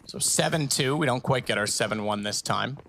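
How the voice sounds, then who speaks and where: A man calling an esports match, quick and excitable, often correcting himself mid-sentence. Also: medium pitch, gravelly, slight background noise. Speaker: esports caster. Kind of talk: play-by-play commentary.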